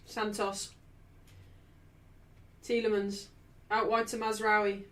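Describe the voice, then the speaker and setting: A woman's voice: medium pitch, flat delivery, slow. A young woman hosting a live football watchalong, ranting in exasperation at her team. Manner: shouting in frustration. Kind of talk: live match watchalong commentary.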